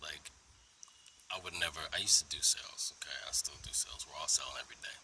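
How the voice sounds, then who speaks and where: A man telling a story to a phone camera in a park, animated and dropping into whispered asides. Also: extremely low pitch, fast talker, poor audio. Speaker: vlogger. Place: outdoors in a park under a tree. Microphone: phone held at arm's length.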